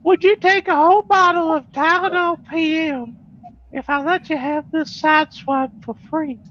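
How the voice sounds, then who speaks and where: A man's voice: very high voice, fairly even intonation, moderate pace, fairly bright tone, lo-fi sound, pitched above the performer's own voice. A man imitating a creepy, frail elderly man with a quavering, wheedling voice.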